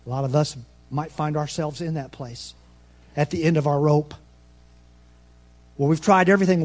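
Nervous preacher guy, kinda high voice, folksy jokes then booming scripture. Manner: preaching with big swings from soft asides to loud proclamation; folksy, self-deprecating asides. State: nervous, talking fast. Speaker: pastor. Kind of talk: sermon.

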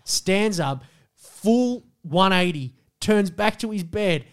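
A man's voice: sits high, takes it slowly, clear, resonant tone. A man co-hosting a podcast, telling crude stories in casual chat and acting out scenes. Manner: animated storytelling, acts out scenes. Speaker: podcast co-host.

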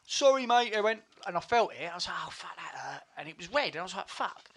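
A man's voice: sits high, very animated, fast, a bit bright. A man telling a rambling anecdote in casual chat, swearing freely.

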